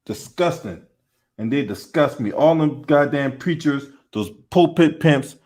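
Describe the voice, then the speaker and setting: A man's voice: medium pitch, expressive, unhurried, a little mellow. A man hosting a casual commentary chat in a blunt, profane and indignant way. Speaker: host.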